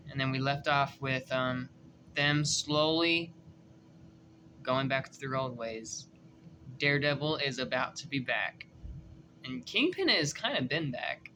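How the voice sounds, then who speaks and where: A man's voice: mid-range voice, animated, takes it slowly, pauses often, a little hiss or hum. A young man giving a loose, profane, slangy review of a TV episode. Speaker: show reviewer. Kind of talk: casual review chat.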